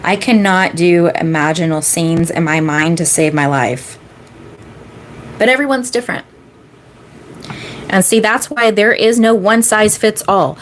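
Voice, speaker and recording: A woman's voice: fairly low pitch, measured pace, long pauses, slight background noise. A woman in her thirties, a manifestation coach chatting casually on a live-stream Q&A, rambling with lots of fillers and repeating key phrases for emphasis.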